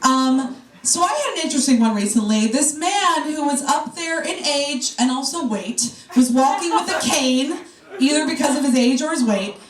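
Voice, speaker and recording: A woman's voice: sits high, expressive, moderate pace. A woman doing a brash, profane stand-up set, teasing the crowd. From New York. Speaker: stand-up comedian. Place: comedy club stage. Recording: roomy club sound from a distance. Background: audience laughter.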